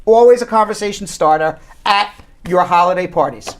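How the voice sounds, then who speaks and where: A man's voice: high voice, normal speed, a little hiss or hum. A man co-hosting a live radio and stream show from a law office, rambling, teasing and correcting himself as he talks. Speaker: immigration attorney and co-host.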